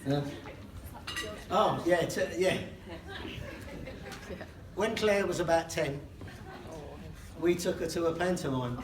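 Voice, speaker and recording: A man's voice: fairly high pitch, slow pace, long pauses, a crowd in the background. Joking older man giving a wedding speech. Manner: joking and self-mocking, laughing between lines. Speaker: father of the bride. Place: wedding reception hall, indoors. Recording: echoey hall, distant and noisy.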